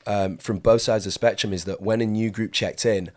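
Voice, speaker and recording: A man's voice: on the low side, fairly even intonation, fairly quick, a little mellow. A man hosting a podcast, a skydiving coach who talks emphatically and repeats his points. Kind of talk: podcast conversation.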